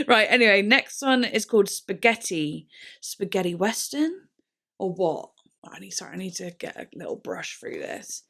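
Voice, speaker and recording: A woman hosting a music reaction video, chatting excitably, swearing freely and trailing off into fillers. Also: fairly high pitch. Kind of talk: casual reaction chat.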